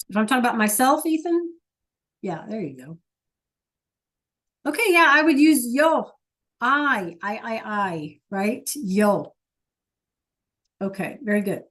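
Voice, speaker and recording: A woman with a fairly high voice leads an online class as a teacher. She talks patiently and coaxingly and keeps firing questions at her students. Her voice comes through a computer mic on a video call. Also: big pitch swings, slow, pauses often, a bit bright. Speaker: Spanish teacher.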